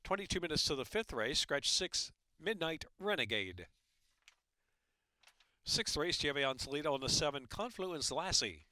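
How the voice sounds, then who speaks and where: A man with an American accent calling horse races and reading track announcements in a brisk, rhythmic way. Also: fairly high pitch, no echo. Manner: brisk, rhythmic, rising to a loud excited call in the stretch.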